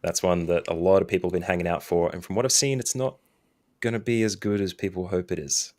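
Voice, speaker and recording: Male co-host, very deep voice, calm and measured opinions on games. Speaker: podcast co-host. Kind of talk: casual chat.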